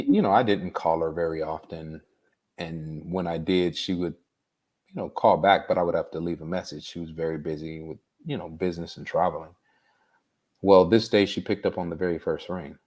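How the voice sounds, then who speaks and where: A man as an interview guest, telling a personal story in an earnest, unhurried way. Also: sits low, darkish tone.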